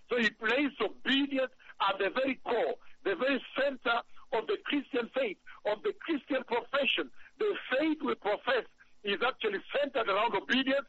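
High-voiced preacher on lo-fi radio. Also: male voice, fairly bright tone. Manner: emphatic, repeats phrases, reads scripture slowly. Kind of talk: sermon.

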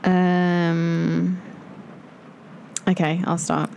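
A woman co-hosting a casual chat podcast, playful and quick to laugh. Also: lowish voice, flat delivery, gravelly, a little mellow, a little hiss or hum. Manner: playful, laughs often, trails into joking asides. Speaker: podcast co-host.

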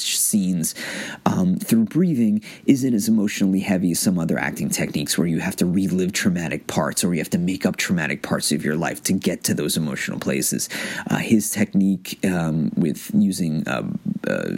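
A man talking casually to the camera about an acting method, pausing and restarting often. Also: low voice, a little mellow, husky. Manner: halting, many restarts and fillers. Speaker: amateur actor reviewing an acting book.

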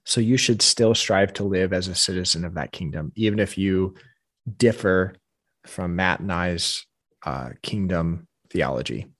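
A man's voice: deep voice, a little slow, a bit bright, no room sound, studio quality. A man co-hosting a casual faith podcast, talking through ideas in an earnest, reflective way. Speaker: podcast co-host.

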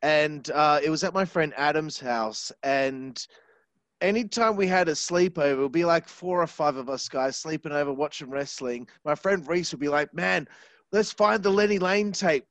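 A man's voice: fairly high pitch, moderate pace, a bit bright, no room sound. A man whose voice sits a little above most men's, recorded close and dry with almost no room sound. He hosts in a loose, rambling way, laughs easily and makes fun of himself as he goes. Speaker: podcast host. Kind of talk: casual interview chat.

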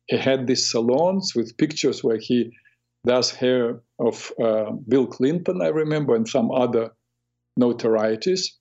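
A middle-aged man hosting a talk show on the mind, telling a reflective story in a halting way with many restarts. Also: medium pitch, a little mellow. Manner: halting, with frequent restarts and self-corrections. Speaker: radio host, therapist. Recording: dull lo-fi radio audio.

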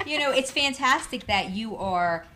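A woman hosting a casual interview, asking brief questions and adding soft agreement. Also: on the high side, expressive, moderate pace, slight background noise.

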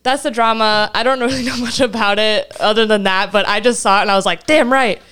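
A woman's voice: mid-range voice, flat delivery, fast talker, a bit bright, clean tone. A young woman co-hosting a casual podcast, talking in a heated, emphatic way and laughing often. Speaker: podcast co-host.

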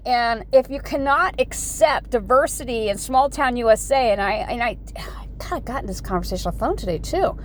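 A woman's voice: on the high side, slight background noise. A woman in her forties from the United States, talking in a rambling, folksy vlog monologue full of "you know" asides. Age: 40s. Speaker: vlogger.

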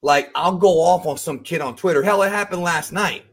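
Earnest man talking frankly, fairly high. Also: moderate pace, slightly rough. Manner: earnest, frank, says bro, many restarts. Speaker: podcast guest, YouTuber. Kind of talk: casual podcast chat.

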